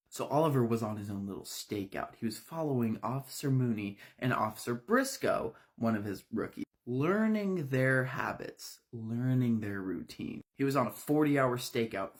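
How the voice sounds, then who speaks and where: A man casually retelling a horror story, in a loose, conversational way. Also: medium pitch.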